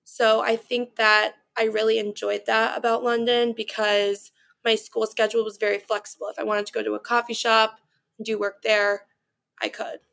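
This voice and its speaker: College girl chatting about her semester, some vocal fry, fairly flat tone, lots of "like" and "you know". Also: a little high, moderate pace. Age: 20s. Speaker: study-abroad student guest. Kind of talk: casual interview answers.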